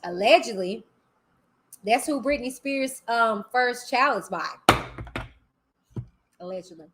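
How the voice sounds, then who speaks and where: A woman's voice: fairly high pitch, expressive, takes it slowly, background noise. A woman hosting a live stream, talking bluntly and animatedly in casual commentary. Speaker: livestream host.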